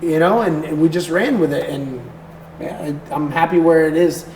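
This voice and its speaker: A raspy-voiced American man talks easily as a podcast guest, his voice sitting a little high. He tells relaxed stories in an echoey room with a faint hiss behind him. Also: moderate pace. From United States. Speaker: guest content creator. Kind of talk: casual podcast chat.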